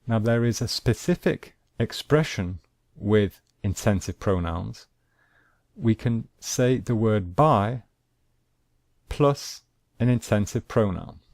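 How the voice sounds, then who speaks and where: Slow, deep-voiced male English teacher. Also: expressive, darkish tone, no echo, studio quality. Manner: slow, deliberate, repeats examples. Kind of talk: grammar lesson.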